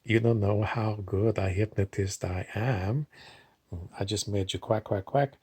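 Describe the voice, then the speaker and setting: A man's voice: fairly low pitch, steady tone, a little slow, dark tone, husky. A man playing a gloating male stage hypnotist who cackles and brags smugly about his powers. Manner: cackling, smug bragging.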